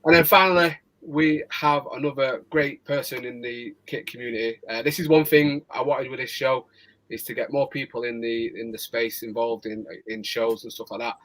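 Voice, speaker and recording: A man from Manchester with a Mancunian accent hosts a casual live chat show. He talks in an easy, chatty way at a middle pitch, laughs often, and keeps tripping over and restarting his words. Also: steady tone, moderate pace, fairly bright tone, poor audio. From Manchester, England. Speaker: host.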